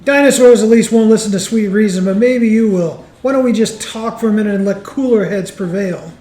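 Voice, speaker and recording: A man voicing a cool-headed male ice hero who talks slowly and soothingly, trying to calm someone down. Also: high-pitched, voice pushed up, lightly acted. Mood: coaxing. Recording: roomy echo, faint music.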